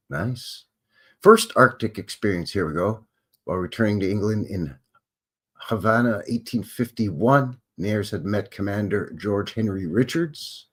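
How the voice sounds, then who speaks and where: A Canadian man hosting a live show, casually reading historical notes aloud and breaking off for wry, offhand asides. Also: fairly low pitch. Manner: wry offhand asides between read-out facts.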